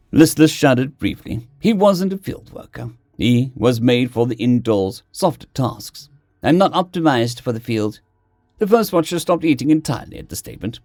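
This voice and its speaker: Animated male story narrator. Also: mid-range voice, moderate pace, no echo, clean studio sound. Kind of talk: audiobook fiction narration.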